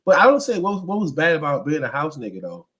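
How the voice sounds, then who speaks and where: A man in casual podcast chat, talking quickly and trailing off as he thinks aloud. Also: a little high, big pitch swings, fairly bright tone. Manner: quick, searching, trails off mid-thought. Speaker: podcast co-host.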